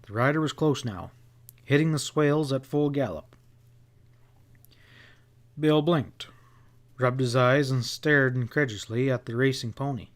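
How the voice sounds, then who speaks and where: A man reading a western novel aloud as an audiobook narrator, in steady storytelling. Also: mid-range voice, a little slow, long pauses.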